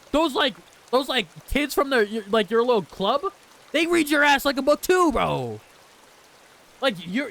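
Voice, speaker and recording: A man hosting a gaming channel, reacting to a story game with excitable, profane, slang-heavy rants. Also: high voice, creaky. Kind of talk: casual let's play reaction commentary.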